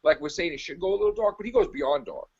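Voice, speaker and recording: A high-voiced man rants with wildly swinging pitch and a gravelly fry. He is a podcast co-host, profane, exasperated and mocking. The audio is dull and lo-fi. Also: big pitch swings, fast talker, a little mellow. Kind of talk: ranting casual chat.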